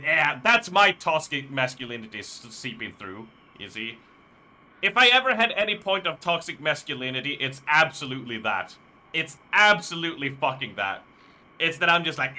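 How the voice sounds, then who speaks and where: Bright-voiced man rambling on stream. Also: medium pitch, animated, normal speed. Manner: rambling, profane storytelling. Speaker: live streamer. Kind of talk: casual live-stream chat.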